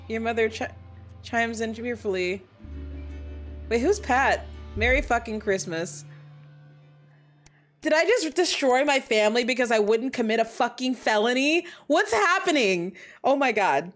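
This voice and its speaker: A woman's voice: on the high side, animated, measured pace, soft background music. Foul-mouthed young woman streamer, indignant. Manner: reads game text aloud, then breaks into loud indignant outbursts; swears a lot, laughs mid-sentence. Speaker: VTuber streamer. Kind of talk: casual gameplay commentary.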